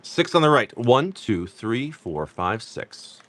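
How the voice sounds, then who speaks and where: A man's voice: medium pitch, very animated, takes it slowly, fairly bright tone. A man chatting casually on a live stream, joking with viewers while he reads off cards. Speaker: card-break livestream seller.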